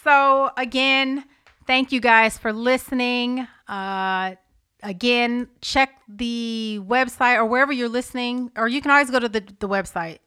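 A woman's voice: a little high, steady tone, a little slow, pushed and bright, clear, resonant tone. A woman hosting a podcast in casual chat, upbeat and chatty, eagerly asking her listeners to reach out. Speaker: podcast host.

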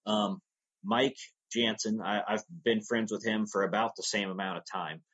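A man's voice: lowish voice, steady tone, moderate pace, a bit bright, slightly rough, lo-fi sound. A man talking as a podcast guest about his audio drama work, in an easygoing, rambling storytelling manner. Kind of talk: casual interview talk.

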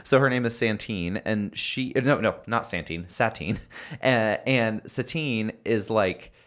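A man's voice: fairly low pitch, measured pace, fairly bright tone. A young man casually telling a story on a podcast, with many fillers and laughs. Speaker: podcast co-host. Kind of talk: casual chat.

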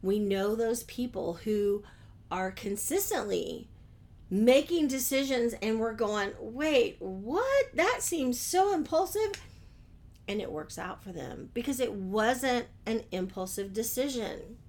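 A woman's voice: mid-range voice, a little slow, a little mellow. A woman hosting her own business podcast, talking conversationally and asking her listeners questions. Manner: friendly, conversational, rhetorical questions. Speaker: podcast host. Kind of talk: solo business podcast talk.

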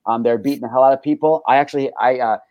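A young male talk show host tells his stories in a casual, profane rush, stumbling through fillers and restarts. His voice sits at an ordinary middle pitch. The sound is dry and close, with no room echo. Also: racing, muffled recording. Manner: profane, animated storytelling with frequent fillers.

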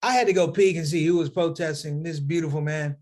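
Brief: middle-aged male comic, high voice, animated storyteller who acts out characters. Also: fairly quick. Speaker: comedian. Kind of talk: stand-up comedy.

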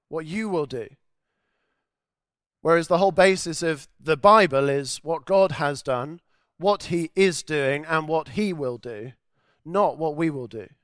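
A man's voice: high-pitched, a bit bright, clean tone, no room sound, studio quality. A man preaching a sermon with earnest, emphatic repetition.

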